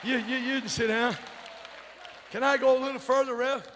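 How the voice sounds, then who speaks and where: High-pitched shouting preacher man. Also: fairly even intonation, moderate pace, a faint crowd, a little hiss or hum. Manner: shouting, whooping, folksy and rousing. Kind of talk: fiery revival sermon. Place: church sanctuary.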